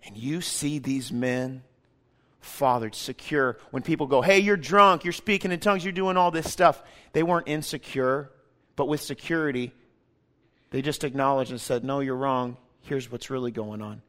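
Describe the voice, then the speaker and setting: A man preaching a sermon. He swings from loud, emphatic passages to hushed, intimate ones and acts out quoted voices in a casual, joking way. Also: medium pitch, normal speed. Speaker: pastor.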